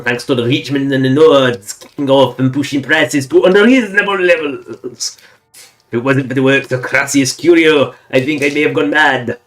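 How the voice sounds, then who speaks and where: A man's voice: a little high, natural voice. A man putting on a grumbling fake-French farmer. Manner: hammy mock-serious journal reading. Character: grumbling married male farmer, newlywed.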